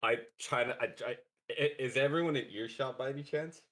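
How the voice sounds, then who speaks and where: A man playing a tabletop game, loud and joking, laughing often. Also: mid-range voice, a little fast. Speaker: player. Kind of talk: casual tabletop game chat.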